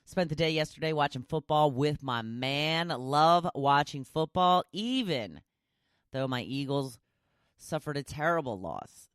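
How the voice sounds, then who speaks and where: A woman's voice: deep voice, a little slow, smooth, no echo, studio quality. A woman hosting a podcast, chatting casually and bubbly with her listeners and laughing often. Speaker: podcast host.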